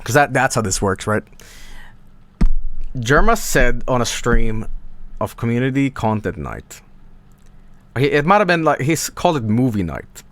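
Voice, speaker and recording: A man's voice: medium pitch, big pitch swings, measured pace, long pauses, fairly bright tone. Rambling, profane Swedish-accented man. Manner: rambling, profane, laughing asides. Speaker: streamer. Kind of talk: casual stream chat.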